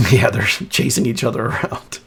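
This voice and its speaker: A man narrating as game master in a tabletop roleplaying game, unhurried and descriptive. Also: medium pitch, creaky, fairly bright tone, breathy edge. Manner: unhurried, descriptive, chuckles often.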